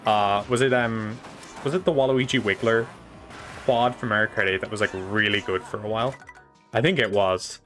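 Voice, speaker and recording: A man's voice: fairly low pitch, normal speed, a bit bright, faint music behind. A young man chatting casually while playing a racing game live, rambling and swearing now and then, on a desk microphone. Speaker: streamer. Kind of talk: casual live gameplay chat.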